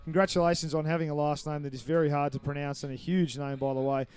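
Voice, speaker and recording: Mellow smooth-voiced male sports commentator. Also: on the high side, flat delivery. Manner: brisk, explanatory, apologetic over names. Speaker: play-by-play commentator.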